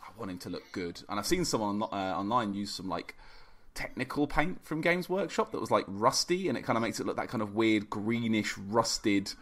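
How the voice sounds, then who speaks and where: Male podcast guest, low voice, easygoing rambling banter. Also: big pitch swings, fairly quick, a bit bright. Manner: rambling, self-deprecating, jokey. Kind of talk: casual chat.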